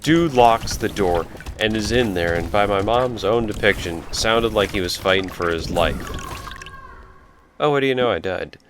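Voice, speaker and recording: Low-voiced man rambling over gameplay. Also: normal speed, background noise. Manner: rambling, breaks off stories to react to the game. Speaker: let's play commentator. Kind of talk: casual storytelling over gameplay.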